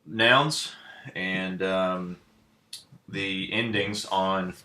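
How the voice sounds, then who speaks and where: Male teacher, low-pitched, bright tone, halting delivery, lots of ums, patient. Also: steady tone. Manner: halting, many fillers, patient. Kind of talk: recorded grammar lesson.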